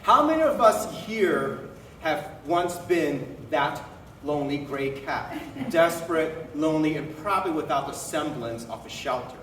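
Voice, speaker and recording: A man's voice: fairly high pitch, big pitch swings, measured pace, a bit bright, a little hiss or hum. A man telling a story and giving a toast at a birthday celebration. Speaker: guest speaker. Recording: echoey hall from far off.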